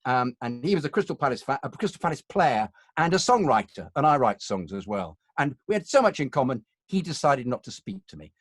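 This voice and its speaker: A man's voice: medium pitch, no room sound. Posh-spoken English man, dry close sound. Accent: upper-class English. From England. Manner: anecdotal, digressive. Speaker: actor, guest. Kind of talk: conversational reminiscing.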